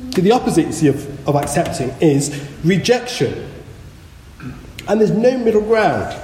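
A man gives a sermon in a slightly high, mellow voice that rises and falls with lively pitch. He talks in an earnest, measured way and stresses key words. The sound is roomy, with a long reverb from a large church hall. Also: slight background noise. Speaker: preacher.

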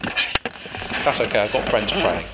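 A man voicing a calm, faithful imprisoned apostle in a retold scene. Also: lowish voice, slow pace, very noisy, pitched below the performer's own voice. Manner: calm, assured.

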